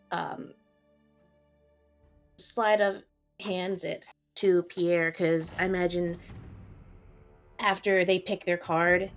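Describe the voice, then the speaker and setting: A woman's voice: lowish voice, highs cut off. A woman player describes her character's moves in a tabletop game. She talks casually and hesitantly, swearing freely. Faint music plays underneath.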